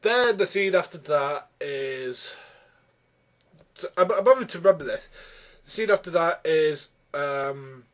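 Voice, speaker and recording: A man's voice: on the high side, lively intonation, measured pace. A man ranting through a film review, exasperated and rambling with many restarts.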